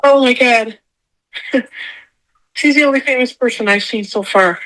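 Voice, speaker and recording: A woman's voice: on the high side, unhurried, fairly bright tone, rough recording. A woman guest telling a personal story in a casual chat, emotional and rambling, often repeating herself. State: tearful at times. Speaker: podcast guest.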